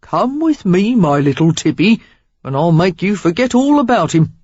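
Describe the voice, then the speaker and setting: A man's voice: high-pitched, big pitch swings, moderate pace, darkish tone, dry recording. A narrator voicing a roguish, flirtatious man with a Cockney accent in a novel reading. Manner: breezy, slangy, teasing. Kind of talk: audiobook character reading. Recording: dull lo-fi dry recording.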